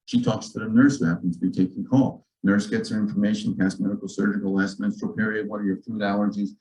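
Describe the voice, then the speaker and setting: A man, a physician, telling a story to a church gathering in a lively, joking way, acting out the dialogue. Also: on the low side, quick pace, poor audio. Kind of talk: storytelling talk to a church audience. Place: church auditorium.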